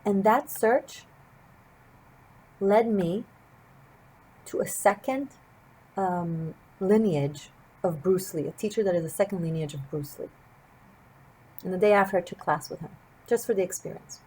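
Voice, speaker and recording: Woman, tarot reader, lower pitch; earnest, wandering storyteller speaking to camera. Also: unhurried, pauses often, a little mellow, breathy edge, low-quality recording.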